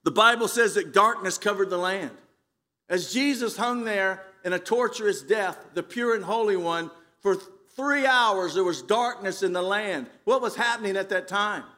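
A man preaches with a high, bright voice. He swings from loud, emphatic phrases down to hushed lows. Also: normal speed. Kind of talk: dramatic sermon.

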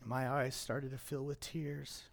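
A middle-aged male pastor telling a personal story in a sermon, emotional and halting at times. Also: mid-range voice, little pitch movement, creaky. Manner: emotional, personal testimony with pauses.

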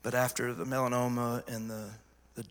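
A middle-aged man preaching a testimony sermon, telling his story emphatically and moving from hushed asides to loud cries. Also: medium pitch, flat delivery, normal speed. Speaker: pastor. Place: large church sanctuary. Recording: long church hall reverb.

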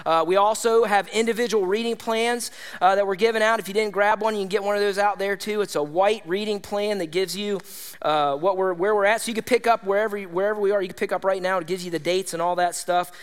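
A man preaching a sermon to his congregation, energetic and conversational, often checking in with his listeners. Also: high voice, quick pace, smooth, big-room sound. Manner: energetic, conversational, with tag questions like "all right?". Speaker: pastor. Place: church hall.

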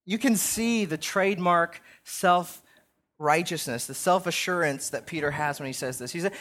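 Younger male pastor, slightly high voice, casual sermon delivery with frequent "right?" tags. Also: normal speed, a bit bright.

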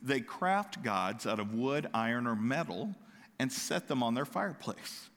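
Bright-voiced man preaching in a reverberant hall. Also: measured pace. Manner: animated, acts out quoted voices with sudden loud high outbursts. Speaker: pastor. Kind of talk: sermon.

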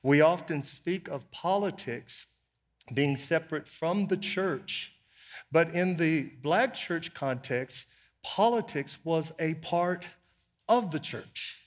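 A man in his sixties, a bishop giving a measured, emphatic sermon-style teaching talk at a live church event. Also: a little high, animated. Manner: measured and emphatic, stressing key words.

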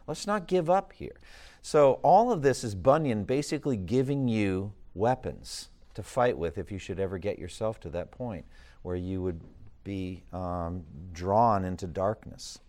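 A man's voice: fairly low pitch, animated, unhurried, darkish tone. A man teaching a class, reading an old text aloud with emphatic swells, then stopping to ask questions and explain it.

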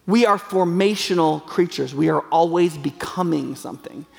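High-voiced preacher man in a reverberant hall. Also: moderate pace, vocal fry. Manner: earnest, conversational preaching with frequent fillers. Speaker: pastor. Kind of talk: sermon.

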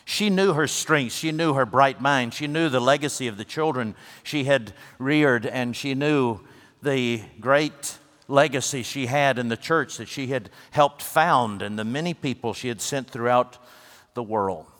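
A man preaches from the pulpit, his voice sitting at an ordinary middle pitch. He tells his story earnestly, pushing up to emphatic peaks before falling quiet again. A long reverb from the large hall trails after each phrase. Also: unhurried. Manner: earnest storytelling, rising to emphatic peaks then dropping soft. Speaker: pastor. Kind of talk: sermon.

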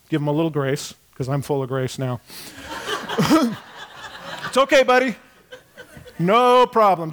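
A middle-aged male pastor giving a sermon, telling a personal story with animated delivery and acting out voices. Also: high voice.

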